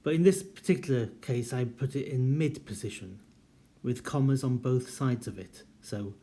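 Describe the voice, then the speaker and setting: A man with a mellow, dark-toned voice gives a university writing lecture. He speaks clearly and at a measured pace. He reads each example sentence aloud with pointed rises and falls in intonation. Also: mid-range voice. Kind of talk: recorded lecture.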